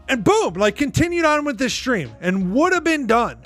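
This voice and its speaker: A man's voice: very high-pitched, very animated, normal speed, a bit bright, soft background music. A man hosting a podcast, giving rambling, exasperated commentary full of "like". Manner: rambling, exasperated, heavy use of "like". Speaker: podcast host. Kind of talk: casual reaction commentary.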